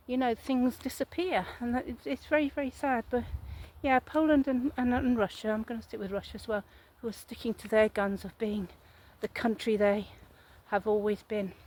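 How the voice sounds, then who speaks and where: A woman's voice: a little high, steady tone, normal speed, few pauses, a little mellow, poor audio. A woman, talking casually to her viewers in a rambling, chatty vlog monologue and putting questions to them. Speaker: vlogger.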